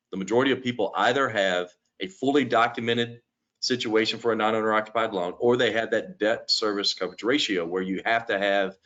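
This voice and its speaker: A man presenting in a business webinar, explaining things in a steady, explanatory way. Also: on the low side. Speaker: lending company presenter. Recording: dull lo-fi webinar audio.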